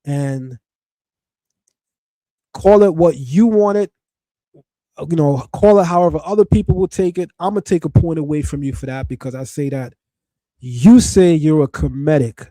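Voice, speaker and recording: A man hosting a podcast, giving opinionated commentary in a loose, conversational way. His voice sits a little high for a man but sounds mellow and soft-edged. The recording is dry and close, with no room around it. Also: normal speed, pauses often, dry recording. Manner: conversational, with laughs and filler words. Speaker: podcast host.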